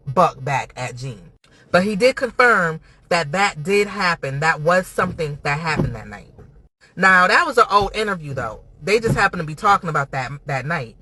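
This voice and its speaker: A man's voice: on the high side, animated, moderate pace, sharp tone, low-quality recording. A man hosting a reaction video, giving blunt, profane, chatty commentary. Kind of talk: casual commentary.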